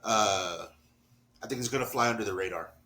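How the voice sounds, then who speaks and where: A man's voice: on the low side, fairly quick, sharp tone. Rambling, joking male podcast co-host. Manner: rambling, joking, swears, laughs often. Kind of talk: casual chat.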